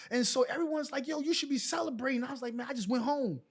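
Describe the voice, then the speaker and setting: A man's voice: very high-pitched, quick pace, few pauses. A middle-aged man telling stories in a casual interview, acting out the exchanges he recalls. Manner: animated storyteller who acts out quoted exchanges. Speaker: guest, former pro basketball player.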